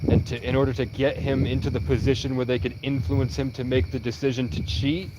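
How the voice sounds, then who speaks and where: The recording is very noisy, but a young man's medium-pitched voice comes through as he livestreams. He tells a long, rambling story about himself, acting out the conversations in animated, rapid-fire quotes.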